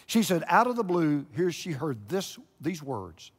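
A pastor preaching a televised sermon, swinging between hushed and loud emphatic lines. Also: male voice, fairly high pitch, very animated, a little slow, hardly any pauses, husky, big-room sound. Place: large church room.

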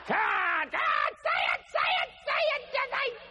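A preacher acting out his wife teasing him and urging him to apologize, with high-pitched shouts and laughter. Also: sing-song, normal speed, full character voice. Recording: echoey hall, faint noise.

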